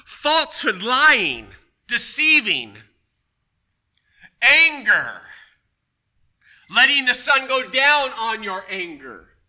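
A man preaching a sermon, telling a personal story with emphatic, loud punches. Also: very high-pitched, very animated, takes it slowly. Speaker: pastor.

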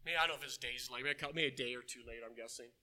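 A man preaching a sermon to his congregation, telling stories in an animated way and asking them questions. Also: mid-range voice, very fast. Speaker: pastor. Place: church.

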